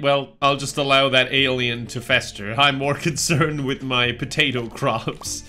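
A young Irish man talks over a farming game in a sardonic, self-mocking way and laughs between his lines. His tone is bright and forceful. Game music plays faintly behind him. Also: medium pitch, a little slow, hardly any pauses. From Ireland. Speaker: gaming YouTuber. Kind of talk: let's play commentary.

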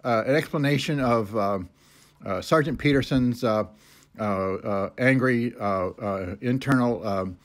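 A man talks his way haltingly through a grievance, stopping often on hesitations. His manner is aggrieved and insistent, and his voice sits at an ordinary middle pitch. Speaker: complainant recounting a police encounter. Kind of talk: unscripted personal statement.

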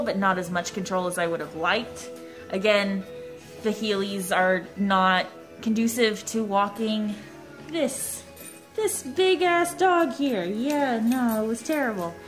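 A woman's voice: medium pitch, a bit bright. Chatty, self-mocking young woman vlogger. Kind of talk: casual vlog chat. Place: at home indoors.

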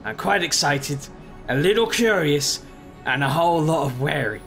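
Sarcastic gaming host. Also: male voice, a little high, expressive, moderate pace, a bit bright, faint music behind. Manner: sarcastic, mock-exasperated. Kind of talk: game commentary.

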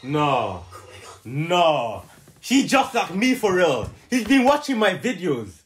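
A man co-hosting a casual group reaction to an anime, excitable and joking, with loud outbursts. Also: a little high, takes it slowly, very noisy. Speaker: reaction channel co-host.

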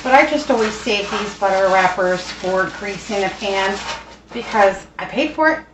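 A woman's voice: mid-range voice, lively intonation, normal speed. Chatty thrifty woman in an echoey kitchen. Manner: rambling and thrifty, lots of fillers and asides. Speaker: home cooking vlogger. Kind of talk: casual kitchen how-to chat. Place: home kitchen. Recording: roomy echo, distant mic, faint noise.

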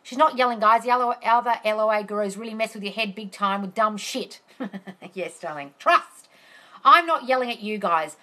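A manifestation coach on a live stream answers viewer comments bluntly, swearing freely and calling people darling. Her voice is a little high and sharp at a moderate pace, and she slips into exasperated, profane rants.

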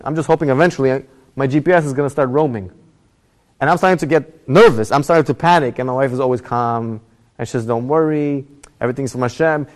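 A young adult man telling a personal story in a Torah class, his voice rising as the story gets tense. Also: on the high side. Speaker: rabbi giving a Torah class. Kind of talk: storytelling lecture.

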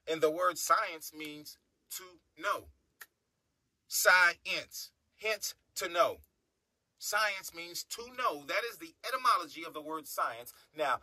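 A man's voice: on the high side, unhurried, pushed and bright, no echo. A man from the United States preaching a monologue, emphatic, repeating his phrases and humming between thoughts.

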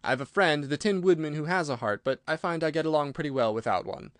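A man's voice: a little high, fast talker, no echo, studio quality, lightly acted. A man voicing a gallant, courteous scarecrow stuffed with straw, polite and eager in a storybook. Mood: courtly.

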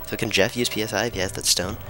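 A man giving casual let's play commentary from a room at home, joking, swearing freely and talking somewhat hushed. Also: lowish voice, steady tone, racing, over music. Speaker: gamer.

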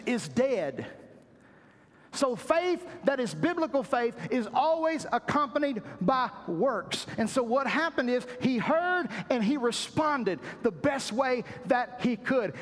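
A man's voice: very high voice, a bit bright, big-room sound. A man preaching a sermon as pastor, dramatizing quotes with repeated, emphatic phrases. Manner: preaching with acted-out quotes and repetition.

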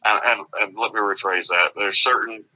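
A man's voice: lowish voice, steady tone, normal speed, sharp tone. A man from Alabama, talking earnestly as an author in a casual radio interview, often restarting his sentences. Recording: dull lo-fi radio audio.

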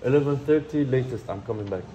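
A man from Sweden chatting casually through a travel vlog, excitable and swearing often, out in the city streets and riding in a minibus. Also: medium pitch, quick pace, crowd noise. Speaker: travel vlogger. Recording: loud street traffic noise.

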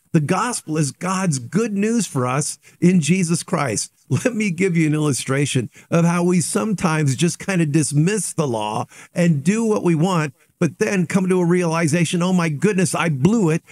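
Animated conversational male pastor. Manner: conversational, animated, drops low and quiet for repentant quotes. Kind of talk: short devotional sermon.

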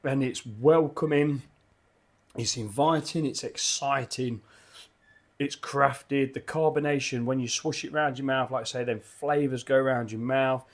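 A man's voice: medium pitch, steady tone, unhurried. An enthusiastic man, rambling casually through a beer review at his home bar, often repeating his words.

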